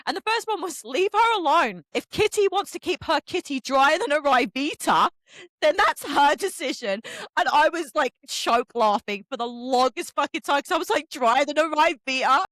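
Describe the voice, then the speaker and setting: An English woman hosting a casual book podcast, animated and profane, often laughing as she talks. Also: high-pitched, moderate pace, no echo. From England. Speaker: podcast host and book influencer. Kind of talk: casual chat.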